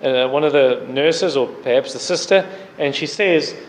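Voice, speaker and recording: A man preaching a sermon, earnestly urging prayer and fasting and citing scripture as he goes. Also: medium pitch. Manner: earnest, repetitive exhortation with scripture references. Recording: echoey hall with faint background noise.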